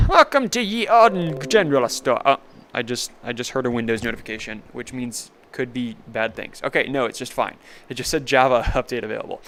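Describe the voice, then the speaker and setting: Young guy streaming a vr game, rambly, laughs a lot, bit gravelly. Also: medium pitch, fairly bright tone. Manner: rambling, laughs often, self-mocking. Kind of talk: casual gaming commentary.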